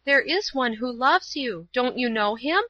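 An earnest, kind young woman who pleads warmly and eagerly, as a woman reader voices her. The voice is bright and high. The recording is dry and somewhat dull. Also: animated, measured pace, dry recording, exaggerated voice. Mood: earnest, pleading.

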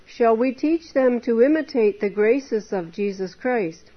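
A woman's voice: on the high side, expressive, a little slow. A woman preaching an earnest temperance sermon, exhorting her listeners with many rhetorical questions. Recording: dull lo-fi recording.

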